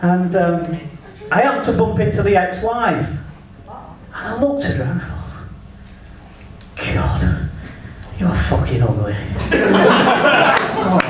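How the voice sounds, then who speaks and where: A man's voice: high voice, animated, takes it slowly, pauses often, crowd noise. A man with an English accent doing a crude stand-up comedy set, delivering brash punchlines. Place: comedy club stage. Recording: echoey venue from far off, faint noise. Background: audience laughter.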